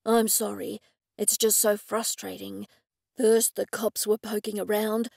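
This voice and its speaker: A woman's voice: mid-range voice, little pitch movement, creaky, darkish tone, breathy edge, no echo, studio quality. A woman playing a grieving, frustrated businessman. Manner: slow, heavy, aggrieved pleading.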